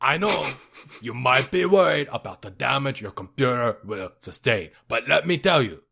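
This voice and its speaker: A man's voice: medium pitch, expressive, moderate pace, gravelly, pushed and bright, exaggerated voice. A man voicing a cocky masked male cartoon wrestler, boastful and mock-helpful, with an accent that keeps drifting. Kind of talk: comedic impression on a podcast.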